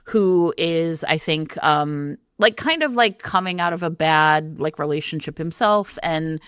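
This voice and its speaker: A woman co-hosting a book podcast, recommending a novel in relaxed chat with hesitant fillers. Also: low-pitched, measured pace, smooth, dry recording, studio quality. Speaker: podcast co-host.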